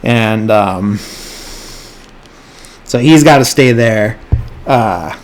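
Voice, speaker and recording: A podcast host with a lowish voice speaks extremely slowly as he casually recaps a movie's plot. His retelling is loose and rambling, with brief moments where he acts out the characters' lines.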